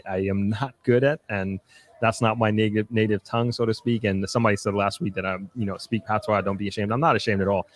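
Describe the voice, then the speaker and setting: A young man talks casually on a live stream, going through viewer questions one by one. His voice sits a little low, and his answers ramble with restarts, fillers and small asides. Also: fairly even intonation, moderate pace. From New York, United States. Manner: reads out comments then answers, with frequent restarts and fillers. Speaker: livestream host answering viewer comments.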